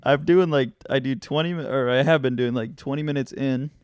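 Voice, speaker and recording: A man's voice: mid-range voice, fairly quick, smooth, dry recording. A young man hosting a podcast, chatting casually and telling stories with slang, laughing often. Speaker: podcast host. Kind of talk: casual chat.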